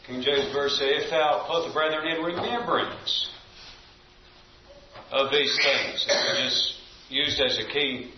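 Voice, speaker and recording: Speaking slowly in a slightly high voice, a Bible study teacher reads scripture aloud in a church building and fires questions at his class. His emphatic delivery leans on key phrases, and the recording is dull and lo-fi, with an echoey room, a distant mic, and slight background noise.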